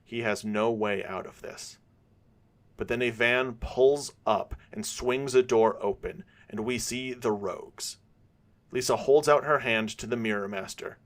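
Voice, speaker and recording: A man narrating a fan-made episode in a measured storytelling way. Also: mid-range voice.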